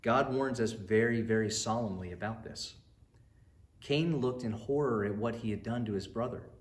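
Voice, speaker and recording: A man's voice: lowish voice, moderate pace. A man from a church narrating a bedtime Bible story and earnestly preaching its lesson to children. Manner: earnest, addresses children directly. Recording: roomy echo.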